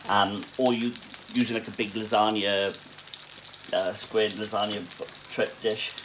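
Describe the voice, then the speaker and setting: Against a noisy background, a man with a lowish voice and a Welsh accent talks viewers through a recipe in his own kitchen. He cooks at a cafe, and his casual demonstration is loose and conversational, peppered with fillers and asides.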